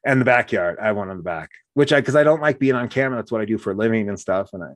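Animated storytelling man, low voice. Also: very fast, no echo, studio quality. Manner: animated storyteller, acts out quotes. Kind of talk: casual conversation.

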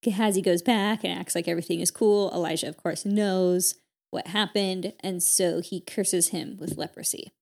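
A woman co-hosting a podcast, casually retelling a story with lots of "like" and quick character voices. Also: lowish voice, fairly even intonation, gravelly, darkish tone. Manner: chatty, peppered with "like", voices characters in quotes. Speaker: podcast co-host.

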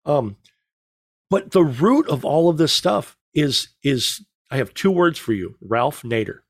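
A middle-aged man telling stories in casual chat as a podcast co-host, rambling and joking with a deadpan delivery. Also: fairly high pitch, a little slow, dry recording, clean studio sound.

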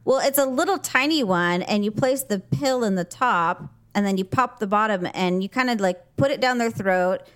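A woman's voice: medium pitch, moderate pace, few pauses, fairly bright tone, clear, resonant tone. A woman co-hosting a podcast, chatting in a rambling way and saying "like" all the time. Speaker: podcast co-host. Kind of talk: casual chat.

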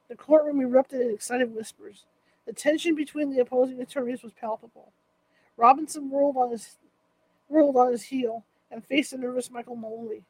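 A woman's voice: sits high, fairly even intonation, brisk, darkish tone, low-quality recording. A woman narrating a true-crime courtroom story in a vivid, dramatic manner.

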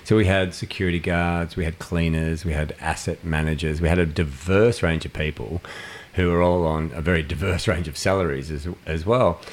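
A man's voice: deep voice, steady tone, moderate pace. A man co-hosting a podcast, telling a story in a casual, rambling way with many restarts. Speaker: podcast co-host.

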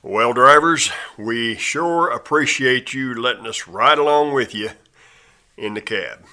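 A man's voice: mid-range voice, pushed and bright. A man hosting a ministry show, speaking earnestly and directly to truck drivers. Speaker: ministry radio host. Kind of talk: addressing listeners.

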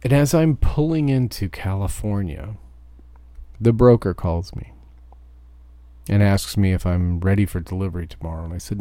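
A truck driver giving a profane, ranting podcast monologue. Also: male voice, deep voice, normal speed, warm tone, no room sound.

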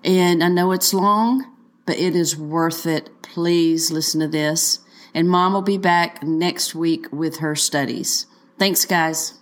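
A woman's voice: lowish voice, fairly even intonation, takes it slowly. Upbeat woman podcast host. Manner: upbeat and enthusiastic, with fillers. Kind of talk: casual chat.

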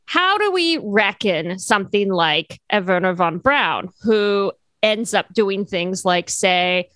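A woman's voice: medium pitch, animated, slow, fairly bright tone, no echo. Chatty woman co-hosting a casual podcast. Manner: loose and chatty, many fillers and jokey asides. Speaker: podcast co-host. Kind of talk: casual chat.

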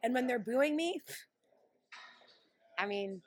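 Brash woman wrestler, slightly high voice. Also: slow. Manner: brash and animated storyteller. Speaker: pro wrestler. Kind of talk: casual interview chat.

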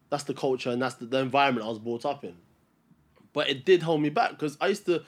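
A man, co-hosting a podcast and making his case in a casual debate, often stumbling and restarting his sentences. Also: medium pitch. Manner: stumbling restarts when pressed. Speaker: podcast co-host.

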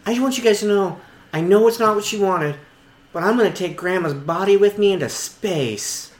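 A man playing an eager teenage boy in an improvised comedy scene, excitable and given to whoops, sometimes shaky with nerves. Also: high voice, moderate pace, natural voice. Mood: earnest. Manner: excitable, shouts and whoops, then turns shaky and scared. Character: eager teenage boy, fourteen, dreaming of space. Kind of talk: improv comedy role-play. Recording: echoey room.

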